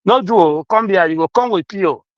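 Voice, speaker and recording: A high-pitched man with a Nigerian accent speaks animatedly, slipping between Pidgin and English. His voice comes through dry and close, over a dull, lo-fi online call. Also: a little fast, dry recording. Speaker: guest speaker. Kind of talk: casual political chat.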